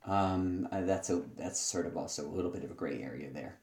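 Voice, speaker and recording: A deep-voiced man talks through feedback on student work as a teacher would. He pauses often to think. The recording has a roomy echo. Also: a little mellow. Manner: thoughtful, hesitant, many pauses. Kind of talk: spoken feedback on student writing.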